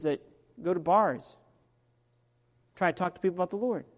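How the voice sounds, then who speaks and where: Conversational preacher in a reverberant hall. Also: male voice, high voice, normal speed. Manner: conversational preaching, swings between soft asides and loud emphatic peaks. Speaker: pastor. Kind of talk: sermon. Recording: long reverb of a large hall.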